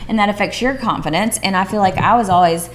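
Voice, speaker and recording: A woman's voice: mid-range voice, fast, slight background noise. A woman co-hosting a casual talk, reflective and affirming, often chiming in with agreement. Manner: reflective, affirming with frequent mm-hmms. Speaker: podcast co-host. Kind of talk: casual chat.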